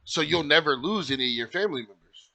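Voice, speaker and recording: A man voicing a pale male stranger dressed in black, speaking in a slow, coaxing and persuasive way while telling a story. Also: fairly high pitch, animated, gravelly, bright, forceful tone, full character voice.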